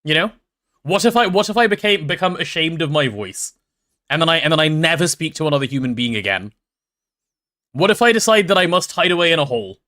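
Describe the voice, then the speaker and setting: Animated posh London man streaming. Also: fairly high pitch, brisk. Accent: London English. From England. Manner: chatty and animated, reads chat aloud, playful mock drama. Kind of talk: casual live-stream chat.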